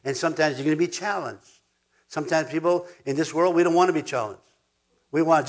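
A man's voice: on the high side, a little fast. A man preaching a sermon as pastor, emphatic, repeating words for stress and now and then chuckling.

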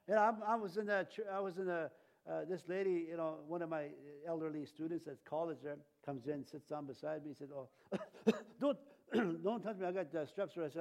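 An older man delivers a sermon with a high voice. He is animated and laughs often, and he acts out the voices he quotes. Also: fairly quick. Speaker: preacher.

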